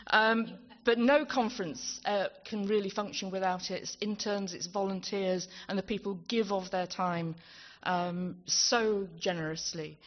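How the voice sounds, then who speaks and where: A woman's voice: mid-range voice, fairly even intonation, a little slow, few pauses. A woman presenting at a conference closing ceremony, chatty and self-deprecating, stumbling over her words. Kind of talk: live thank-you speech on stage. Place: conference hall with audience. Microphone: handheld microphone. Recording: dull hall sound with crowd behind.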